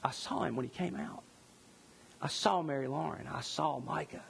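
A man in his thirties preaching a sermon as pastor, passionate, rising high on repeated lines and dropping soft and hushed. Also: moderate pace, vocal fry, a little hiss or hum. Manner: impassioned, climbing in pitch at lists, then softening to near whisper. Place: church sanctuary. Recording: long reverb in a large hall.

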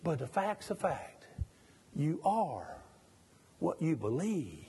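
A man's voice: on the high side, very animated, takes it slowly, long pauses, dark tone, breathy edge, long reverb tail. A middle-aged man from Mississippi, preaching a sermon in a church. He keeps putting pointed questions to the congregation and jokes at his own expense. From Mississippi, USA.

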